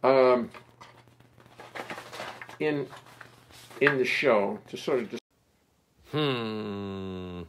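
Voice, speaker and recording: A man's voice: very slow, long pauses, a little hiss or hum. A man hosting a musical livestream from his studio, chatting in an easygoing, musing way between songs on a phone mic. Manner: musing, easygoing, talks to himself. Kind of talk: casual rambling chat between songs. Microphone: phone on a stand. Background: his own double bass playing.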